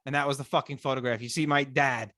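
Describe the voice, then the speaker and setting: A young man co-hosting a podcast, telling jokey stories in casual chat with playful, animated delivery. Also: mid-range voice, quick pace, dry recording, clean studio sound. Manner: animated storyteller, playful put-on voices. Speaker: podcast co-host.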